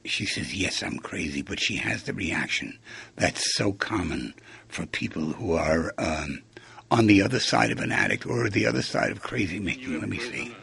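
A man's voice: sits low, lively intonation, moderate pace, creaky, a bit bright. A man hosting a radio talk show, musing aloud, asking rhetorical questions and acting out quoted lines. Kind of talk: reflective monologue on relationships.

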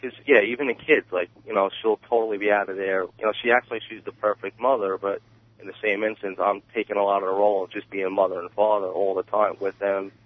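A man calling in to a radio show, rambling quickly through a complaint. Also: lowish voice, steady tone. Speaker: radio caller. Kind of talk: phone-in conversation. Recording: tinny phone line on radio.

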